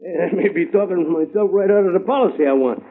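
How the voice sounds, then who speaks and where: A man's voice: high-pitched, a little fast. An actor playing a pushy, slangy male talent agent in a 1950s radio drama. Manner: brash slangy New York patter. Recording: tinny old radio broadcast.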